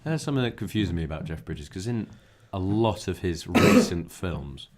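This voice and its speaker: A young man co-hosting a podcast, soft-spoken and a bit mumbly in casual chat. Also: sits low, sing-song, normal speed, noisy background. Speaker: podcast co-host.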